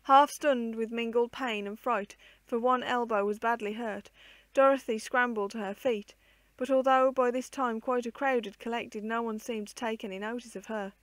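A woman reading an old children's book aloud in a measured, expressive way. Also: a little high, dry recording. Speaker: storyteller.

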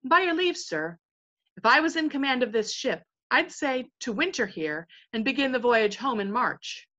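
A plain-spoken old seaman gives advice with respect as a woman reads him. The voice is bright and a little high, on a dull recording. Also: sing-song, normal speed. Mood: respectful. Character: old male sailor, blunt weather-wise seaman.

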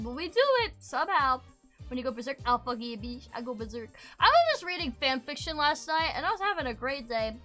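Loud, bright-voiced young woman streamer. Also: high voice, lively intonation, fairly quick, soft background music. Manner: loud, hyper, swearing, sudden yells. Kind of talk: casual chat with viewers. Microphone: streaming desk mic.

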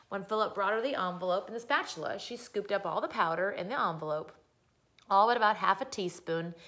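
Bright woman reading a children's story. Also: mid-range voice. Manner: expressive, storytelling. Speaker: reader. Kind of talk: children's story read aloud.

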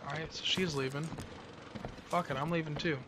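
A man playing a horror game on his channel, jumpy and profane, yelling whenever he gets scared. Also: on the high side, steady tone, moderate pace, background noise. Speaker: gaming video host.

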